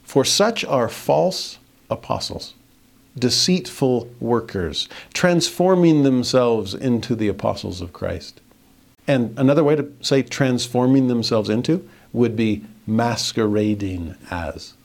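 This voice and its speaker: A middle-aged man teaching a verse-by-verse Bible lesson in a medium-pitched voice. He reads passages aloud, then breaks into easy conversational commentary with dry humor. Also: vocal fry. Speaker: scripture teacher.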